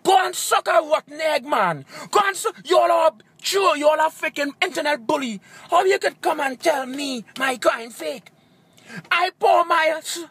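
A man, a YouTube comedian, in a heated, repetitive rant to camera, swearing often, breaking into shouts, with broken grammar. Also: extremely high pitch, dry recording. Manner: broken, nonstandard English grammar. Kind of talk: ranting monologue to camera.

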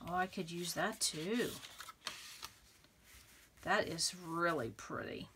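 A woman hosting a scrapbooking video, chatting excitedly and thinking aloud as she arranges papers, laughing often. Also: fairly low pitch, slow, slight background noise. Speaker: scrapbooking channel host. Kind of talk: casual crafting tutorial chat.

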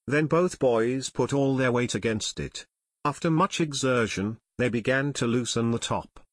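Dry, mid-pitched male audiobook narrator. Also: a little slow, no echo. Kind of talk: scripted narration.

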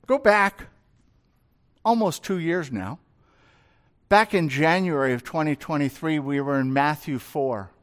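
In a high, light voice, a male pastor preaches an expository sermon. He moves slowly, giving each point time to sink in, and often puts rhetorical questions to the congregation.

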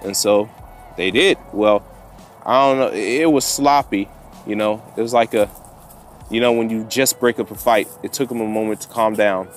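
A man telling a story to camera outdoors with his dogs, getting animated and worked up as he retells it. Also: on the low side, normal speed, soft background music. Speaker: vlogger and dog trainer.

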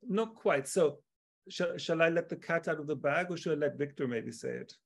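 Gravelly, husky-voiced man explaining. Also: a little high, normal speed. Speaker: panelist. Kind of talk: casual group discussion.

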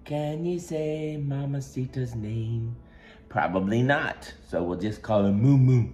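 Slow, coaxing grandpa talking to a toddler. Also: male voice, mid-range voice, echoey room. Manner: coaxing, sing-song, animated. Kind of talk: playful baby talk to a toddler. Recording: children's show music playing behind. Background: music.

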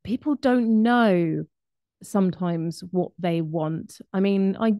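A woman giving a lively, conversational presentation on behaviour with frequent asides to her audience. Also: medium pitch, slow pace, no echo. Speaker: speaker on behaviour.

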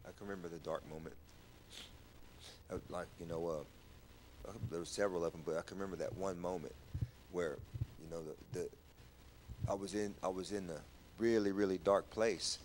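Halting man giving church testimony. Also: low-pitched, fairly even intonation, darkish tone, slight background noise. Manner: halting, repeats words, rises when stirred. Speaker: guest sharing testimony. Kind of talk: personal testimony in church talk.

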